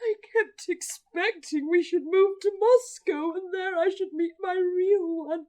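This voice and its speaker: A despairing young woman in her twenties from a vintage radio play, tearful and on the edge of sobbing. Her voice sits very high, and her words keep catching in her throat. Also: measured pace, a little mellow. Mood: wistful. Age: 20s. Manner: tearful, breaking into sobs.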